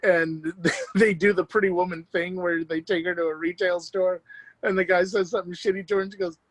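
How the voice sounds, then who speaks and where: A man's voice: sits high, fairly even intonation, brisk, rough recording. A man co-hosting a podcast in casual chat, playful and chuckling as he retells scenes. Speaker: podcast co-host.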